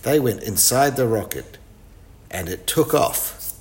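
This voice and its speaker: A man reading a children's storybook aloud in a clear, expressive way. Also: medium pitch, slow.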